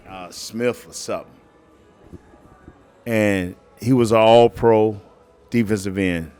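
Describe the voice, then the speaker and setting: Over soft background music, a fairly low, smooth male voice moves at a slow pace. He's a middle-aged ex-pro football player guesting in a relaxed interview, animatedly telling stories, voicing the characters he quotes, and laughing a lot.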